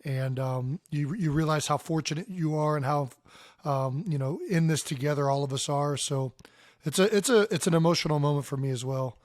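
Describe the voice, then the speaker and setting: A man's voice: fairly high pitch, a little mellow, dry recording, studio quality. A man in his thirties, a podcast co-host speaking thoughtfully in casual talk. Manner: thoughtful, measured. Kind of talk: casual chat.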